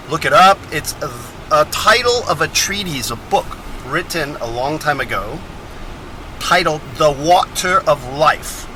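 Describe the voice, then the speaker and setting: A Texan man with a slightly high voice rambles through a casual travel vlog from his car on the road, with background noise audible. He wanders from topic to topic and keeps correcting himself in a chatty way.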